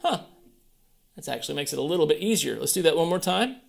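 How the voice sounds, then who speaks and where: A man's voice: on the high side, expressive, fast talker, gravelly. A man teaching a piano lesson, patiently counting beats aloud with a playful manner. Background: piano playing.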